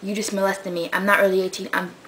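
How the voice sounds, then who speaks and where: A young woman rambles through a story for her vlog, excitable and full of fillers. She bursts out loudly, then drops to a mutter. Her pitch sits in the middle of a woman's range, and a faint hiss of noise runs behind her. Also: fast talker, low-quality recording. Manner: swings from loud outbursts to muttered asides. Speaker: vlogger. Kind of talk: casual vlog chat.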